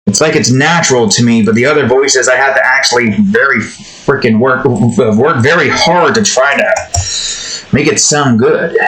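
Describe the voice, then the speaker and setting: A man's voice: medium pitch, fairly bright tone, roomy sound, rough recording. A man talking to himself in a casual, rambling way while he draws. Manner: mumbling to himself, musing and rambling. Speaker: artist and video creator. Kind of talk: casual commentary while drawing.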